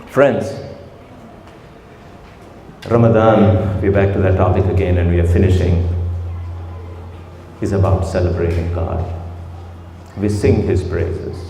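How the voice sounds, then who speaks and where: A man's voice: low-pitched, steady tone, takes it slowly, long pauses, a little hiss or hum. Man preaching in echoey hall. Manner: rhetorical, repeated questions, drops to soft tones. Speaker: speaker at a community iftar gathering. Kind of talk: religious talk to a gathering. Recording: echoey hall with faint ambience.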